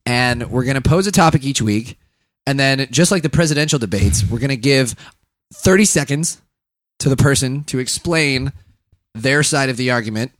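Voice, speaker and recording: A man's voice: medium pitch, moderate pace, no room sound. Male podcast co-host, crude jokester, dry close studio sound. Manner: joking, crude, laughing often. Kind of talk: casual comedic banter.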